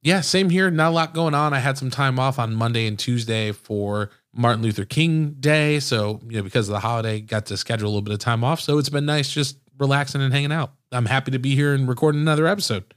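A man's voice: medium pitch, fast, few pauses. A man co-hosting a true crime podcast, reading ads and chatting in an upbeat, easygoing way. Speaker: podcast co-host. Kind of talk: casual chat and ad reads.

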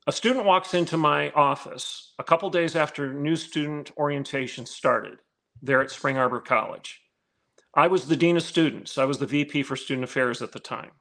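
Man, podcast guest, emphatic storyteller, rhetorical questions, fairly high voice. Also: moderate pace, vocal fry, fairly bright tone. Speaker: guest, former college dean and academic.

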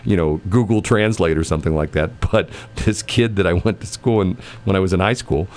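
A man's voice: low voice, brisk, darkish tone. A middle-aged man hosting a radio show, telling rambling stories in casual chat, laughing often and restarting his sentences. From United States. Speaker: radio host.

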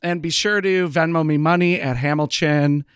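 A man's voice: a little high, steady tone, moderate pace, clear, resonant tone, dry recording, clean studio sound. Playful young man riffing jokes. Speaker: podcast co-host. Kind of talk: casual chat.

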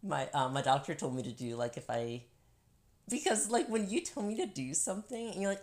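A woman's voice: deep voice, lively intonation, a little fast. A woman talking candidly in a casual couple's chat, laughing often and restarting her sentences.

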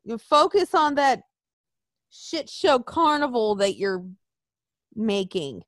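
A woman's voice: fairly high pitch, big pitch swings, slow, no room sound. A woman co-hosting a casual wrestling chat, profane and mocking, talking close to a dry mic.

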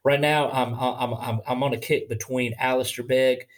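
A man with a Southern accent talks in an earnest, halting way, often starting his sentences over. He is a pastor chatting casually on a podcast, and his voice sits at an ordinary pitch. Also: fairly even intonation. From Bible Belt, US. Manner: earnest, halting with many restarts.

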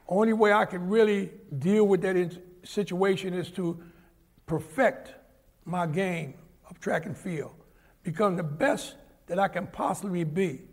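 An older New man with a high voice and a gravelly rasp, telling his life story in an interview. He is an animated storyteller who slips into the voices of the people in his stories. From New York.

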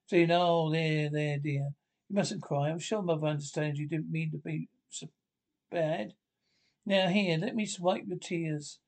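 A man's voice: on the high side, fairly even intonation, unhurried. A man reading the part of a doting husband and father from a script, saying the cue names aloud before the lines. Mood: soothing.

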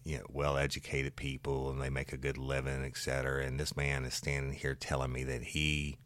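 Man with a very low voice, recounting a police call with animated, salty storytelling, dry close mic. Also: fairly quick, no room sound. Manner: animated, swears, growing louder in retelling. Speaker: former police officer telling a story. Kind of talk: casual storytelling.

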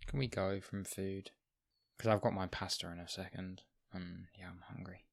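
A man's voice: deep voice, steady tone, normal speed, gravelly, no room sound, studio quality. A young English man co-hosting a podcast, teasing and impatient in casual banter. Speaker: podcast co-host.

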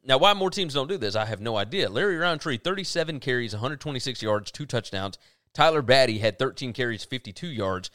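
A man co-hosts a casual football podcast, working through numbers with emphatic delivery. His pitch moves a lot, and the recording is dry and close. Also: animated, brisk, a bit bright, no echo. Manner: runs through stats, emphatic. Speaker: podcast co-host. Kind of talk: casual sports talk.

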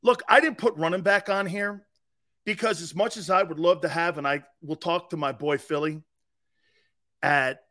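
A man's voice: a little high, bright, forceful tone. A man hosting a live football talk show, blunt and mocking. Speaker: sports talk show host. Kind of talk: live sports radio talk.

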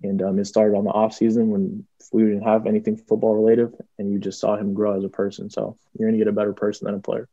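A man's voice: fairly low pitch, little pitch movement, fast, few pauses, warm tone, dry recording. A young man, a college football player, answering interview questions casually, with lots of ums and restarts. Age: young adult. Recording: dull lo-fi audio.

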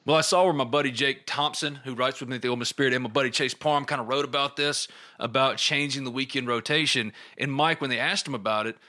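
A man's voice: medium pitch, steady tone, fast talker, hardly any pauses, bright, forceful tone. A man co-hosting a sports podcast, teasing his partner with needling questions in casual chat. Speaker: podcast co-host.

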